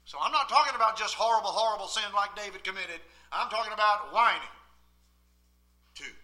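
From a church pulpit, a male pastor delivers a sermon that lurches between loud, emphatic bursts and quiet asides. His voice is high-pitched and his delivery fairly quick.

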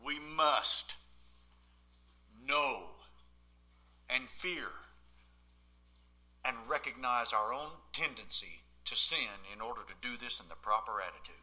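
A male pastor preaching a sermon from the pulpit in a church, swinging between loud emphatic outbursts and quiet asides. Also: medium pitch, expressive, slow, pauses often.

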